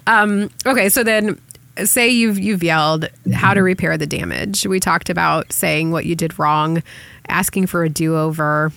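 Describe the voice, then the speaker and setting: A middle-aged woman hosting a casual parenting chat, chatty and practical with quick asides. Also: on the low side, gravelly, fairly bright tone, dry recording. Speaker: podcast host.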